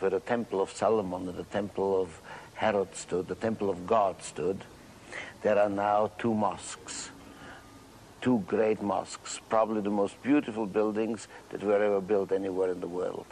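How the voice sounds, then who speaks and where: A man with a fairly low voice, a city mayor, explains history to a visitor in a measured, patient way and stops now and then to find the next word. A faint wash of background noise sits under him. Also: steady tone, vocal fry, darkish tone, rough recording.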